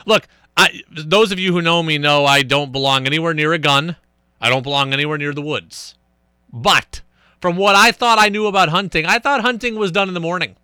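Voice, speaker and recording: A young man hosts a sports talk radio show, chatting in an energetic, emphatic way. His voice is very bright and crisp, sitting a bit high. He is recorded dry and close on a studio microphone. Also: a little fast, no room sound.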